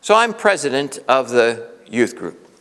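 A man's voice: medium pitch, big pitch swings, unhurried, a bit bright. A middle-aged man preaching a storytelling sermon, earnest and conversational, often restarting his sentences. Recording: long reverb of a large hall.

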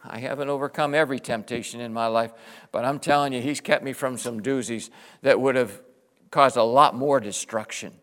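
A middle-aged male pastor preaching with passion, swinging between loud exclamations and hushed, tender passages. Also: mid-range voice, unhurried. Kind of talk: sermon.

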